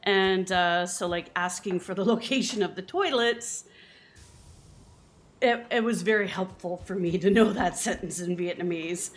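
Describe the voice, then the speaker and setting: A woman's voice: lowish voice, unhurried. A Canadian woman streamer in casual chat while she plays a game, chatty and often laughing. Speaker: live streamer.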